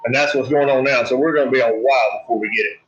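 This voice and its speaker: Brief: middle-aged Louisiana homesteader, plain-spoken explainer, slightly muffled audio. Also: male voice, medium pitch, rapid-fire. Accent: Louisiana Southern. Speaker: homestead channel co-host. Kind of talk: casual livestream chat.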